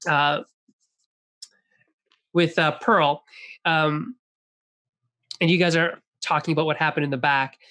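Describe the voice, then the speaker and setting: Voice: medium pitch, fairly even intonation, a bit bright. A game master describes the scene to the players in loose, casual speech. The narration stops and starts, full of fillers. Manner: casual and halting, many fillers.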